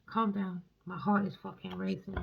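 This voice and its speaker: A woman giving a spoken tarot reading, blunt and excitable, swearing freely. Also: medium pitch, normal speed, vocal fry, highs cut off, a little hiss or hum. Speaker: tarot reader.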